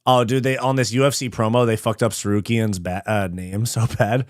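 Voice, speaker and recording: A man's voice: on the low side, fairly even intonation, brisk, dry recording, clean studio sound. A man from California, hosting a live fight watch party in a casual, slangy and profane way. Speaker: host.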